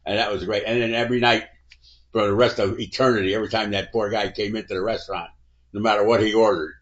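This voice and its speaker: Low-voiced man telling a folksy story. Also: fairly even intonation, quick pace, lo-fi sound. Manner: folksy and rambling. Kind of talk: casual anecdote telling.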